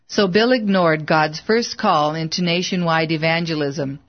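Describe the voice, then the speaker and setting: A woman reading a life story aloud in measured, scripted audiobook narration. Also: low voice, highs cut off.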